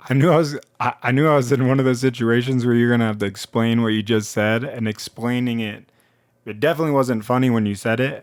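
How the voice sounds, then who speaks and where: A man telling a comedic story in a rambling, animated way, often interrupting himself. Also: medium pitch, clean tone, no room sound. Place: now living in Colorado.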